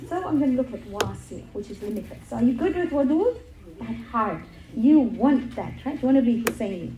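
Woman giving a religious talk, earnest storyteller, leans on repeats, kinda high voice. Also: expressive, a little fast, reverberant, highs cut off, background noise. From England. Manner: earnest storytelling with emphatic repetition. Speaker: religious speaker.

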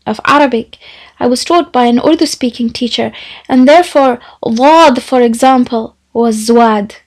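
Measured, reflective woman teacher, high voice, religious talk with storytelling. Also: rough recording.

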